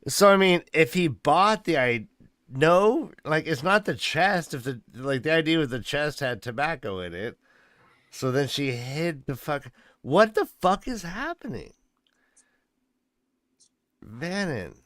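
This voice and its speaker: Smooth-voiced excitable man. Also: a little high, dry recording, studio quality. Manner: excited, swearing, quick bursts of disbelief. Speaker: podcast co-host. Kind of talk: casual book-club chat.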